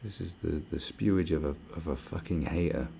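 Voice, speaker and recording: Deep-voiced streamer with a gravelly edge who swears constantly and mutters in exasperated commentary. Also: male voice, fairly quick, dark tone, slight background noise. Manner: profane, exasperated, muttering to himself. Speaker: live stream host. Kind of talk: ranting live-stream commentary.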